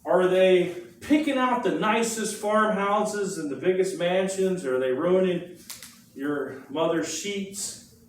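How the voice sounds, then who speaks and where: A man teaching a history class, spinning the lesson as a lively story full of rhetorical questions and quick asides. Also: high voice, slight background noise. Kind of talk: classroom lecture. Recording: very echoey room, mic far off.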